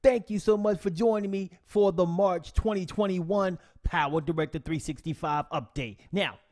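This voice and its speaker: Slangy, animated live-stream host man. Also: high-pitched, moderate pace. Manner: animated, slangy shout-outs to chat. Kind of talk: casual live stream tutorial. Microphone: desk mic, no camera.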